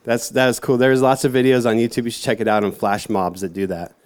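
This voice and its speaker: A man's voice: medium pitch, quick pace. A man giving a casual, rambling sermon to a youth group, full of fillers and self-mocking asides. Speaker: youth church speaker.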